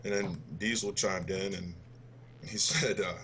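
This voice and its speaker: A podcast co-host in his twenties tells friends a story on a gaming show, swearing freely and laughing as he goes in a loose, profane way. His voice sits low with fairly even intonation and a slightly slow pace, over a noisy background.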